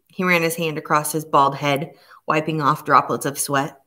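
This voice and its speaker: A woman narrating a novel aloud in a steady storytelling manner. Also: sits low, moderate pace. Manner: steady storytelling with voices for each character. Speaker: audiobook narrator. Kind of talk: scripted narration.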